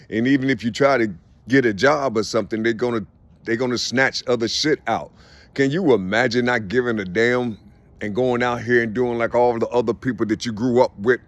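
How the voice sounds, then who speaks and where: Man, middle-aged, very low voice, rambling casual monologue, lots of fillers, swears a lot. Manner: halting, many fillers and "you see"; swears freely. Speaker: vlogger.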